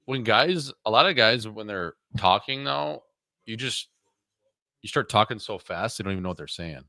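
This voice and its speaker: Blunt, deep-voiced man chatting on stream. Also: animated, moderate pace, vocal fry, bright, forceful tone, no room sound. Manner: blunt, crude, joking. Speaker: stream co-host. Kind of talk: casual chat on a livestream.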